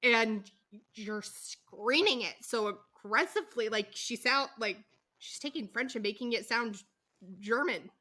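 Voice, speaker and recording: A woman's voice: a little high, measured pace, sharp tone. A middle-aged woman co-hosting a casual podcast, telling the story animatedly with acted-out quotes. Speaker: podcast co-host.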